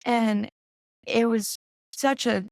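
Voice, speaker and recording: A woman's voice: on the high side, fairly even intonation, takes it slowly, creaky, no room sound. A young woman in her twenties, a podcast guest telling a personal story in a chatty way, full of "like" and acted-out quotes. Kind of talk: casual storytelling conversation.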